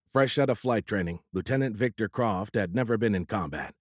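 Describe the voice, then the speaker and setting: A man narrates a thriller audiobook in a steady, measured storytelling voice, performing scripted narration. His pitch is fairly low, and the recording is dry with clean studio sound.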